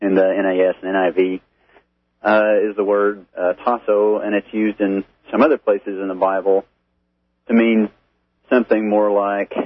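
Texan caller on a phone line. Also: male voice, lowish voice, level tone, moderate pace, no echo. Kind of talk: caller question.

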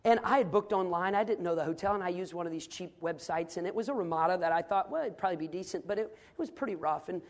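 A middle-aged man delivers a sermon. He tells a personal story in a low, intimate tone, then builds to fervent, loud preaching. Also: fast talker, hardly any pauses.

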